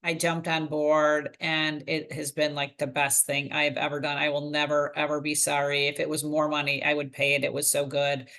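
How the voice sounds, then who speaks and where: A woman's voice: sits low, completely flat delivery, moderate pace, few pauses, a bit bright. An older woman, a retired pharmacist, speaking casually on a panel about her own path and often acting out her past thoughts in quotes. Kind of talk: casual testimonial on a video call.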